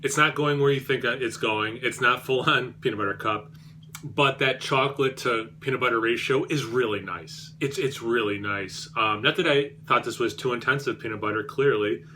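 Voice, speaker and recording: A man's voice: mid-range voice, moderate pace, pushed and bright, a little hiss or hum. A man reviewing beer on his vlog, rambling and self-deprecating, with many fillers and restarts.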